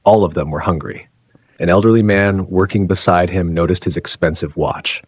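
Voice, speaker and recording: Deep, husky male story narrator. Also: steady tone, dry recording. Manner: measured, dramatic short phrases.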